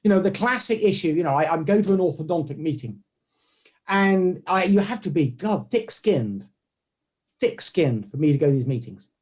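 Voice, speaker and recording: A man speaking with a fairly high voice, animated and conversational as he tells stories. He often slips into quick impressions of the people he describes. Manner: animated storytelling, acts out quoted voices. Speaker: guest, orthodontic clinician. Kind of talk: conversational interview.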